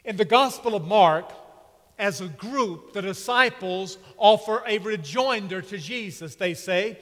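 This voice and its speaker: A man preaching a sermon with slow, emphatic delivery and dramatic pauses. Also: sits high, a bit bright. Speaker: pastor. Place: church sanctuary. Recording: long reverb of a church hall.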